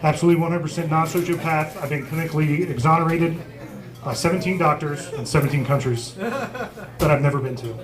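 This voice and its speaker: A comedian in his forties tells a profane, self-mocking story on a small pub stage. His voice sits high for a man. A lively pub crowd is heard clearly around him. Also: brisk. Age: 40s. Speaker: stand-up comedian. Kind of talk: stand-up comedy set. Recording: live pub crowd noise. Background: crowd laughing.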